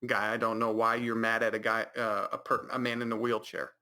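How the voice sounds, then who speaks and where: A man's voice: on the low side, level tone, brisk, pushed and bright. A man hosting a podcast, rambling through a mocking recap of a movie with many restarts and put-on reactions. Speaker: podcast host.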